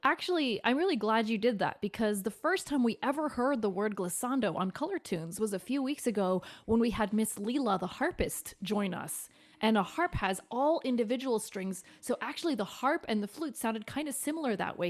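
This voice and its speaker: A woman's voice: a little high, lively intonation, a little fast. A woman hosting a children's music stream, upbeat and patient as she explains and sings out the notes. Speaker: host and cellist.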